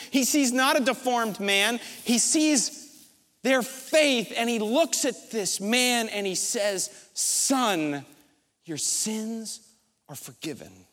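A man preaching a sermon as a pastor, retelling a scene as a vivid story and pausing often for drama. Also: extremely high pitch, fairly bright tone. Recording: long reverb from a large hall.

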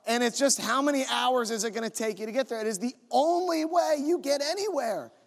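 Male pastor, conversational storyteller, higher voice, reverberant sanctuary. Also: fairly quick. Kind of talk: sermon.

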